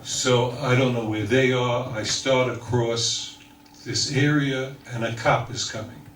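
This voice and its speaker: An older man tells a funny story in a slow, unhurried way, putting on the voices of the people in it. He is recorded from far off in an echoey room. Room noise and audience laughter are clearly heard behind him. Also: mid-range voice, fairly even intonation, a bit bright. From New York. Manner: wry storyteller, mimics voices in quotes. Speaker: speaker telling stories. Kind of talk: humorous anecdote for a live audience. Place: talk hall with audience.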